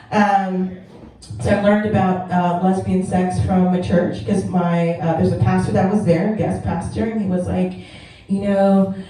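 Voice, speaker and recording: A young woman works through a stand-up set, chatty and self-mocking, with quick laughs between jokes. Her voice is mellow and dark in tone. It rings through an echoey club room, picked up from some distance. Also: fairly low pitch. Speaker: stand-up comedian. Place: comedy club stage. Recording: echoey room, mic heard from far off.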